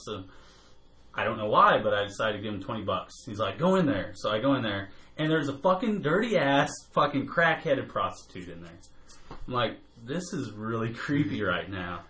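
Very animated and fairly low in pitch, this man tells a long tale on a podcast at a normal pace, his voice pushed and bright. He swears freely and keeps laughing as the story unfolds.

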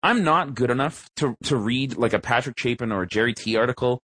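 A young man co-hosting a casual podcast, ranting in an animated, profane way. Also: mid-range voice, fairly quick, no room sound. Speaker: podcast co-host.

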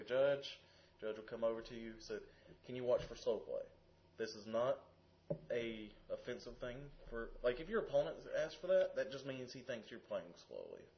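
A man on a casual podcast who works as a card game judge, telling stories and explaining the rules. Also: medium pitch. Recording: dull lo-fi audio.

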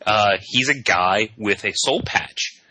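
A man's voice: lowish voice, slow, bright, forceful tone, dry recording, low-quality recording. A man co-hosting a card game podcast, chatting casually in a joking, rambling way. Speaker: podcast co-host. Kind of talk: casual chat.

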